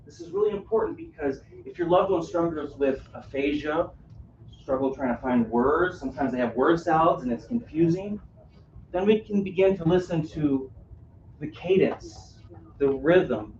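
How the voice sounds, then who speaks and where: A man's voice: fairly high pitch, animated, normal speed, a little mellow, slight background noise. Man teaching a roomy workshop, often asking "right?". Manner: engaging, asks the audience questions, frequent "right?". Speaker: caregiving workshop presenter. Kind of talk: live interactive workshop talk. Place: room on a cruise ship, live audience. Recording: roomy, distant, dull audio.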